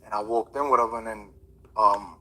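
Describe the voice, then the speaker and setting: A man's voice: lowish voice, fairly even intonation, a little fast, bright, forceful tone, low-quality recording. A man, a boxer, telling a story in a casual, slangy, rambling way with many fillers. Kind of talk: casual interview chat.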